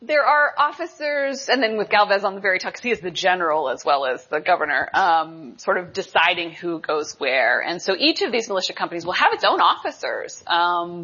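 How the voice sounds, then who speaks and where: A woman's voice: fairly low pitch, fairly bright tone, breathy edge. A woman giving a university history lecture and answering audience questions, thinking aloud with many ums and restarts. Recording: dull lo-fi lecture recording.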